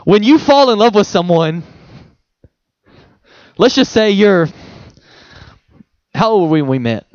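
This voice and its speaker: High-voiced man preaching a sermon. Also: sing-song, a little slow, long pauses, a little mellow, no echo, highs cut off. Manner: conversational preaching with rhetorical questions and chuckles. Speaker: pastor. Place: church.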